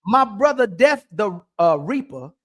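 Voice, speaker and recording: High-voiced insistent male podcast host. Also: big pitch swings, a little slow. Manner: insistent, repeats questions over and over. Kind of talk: heated panel talk.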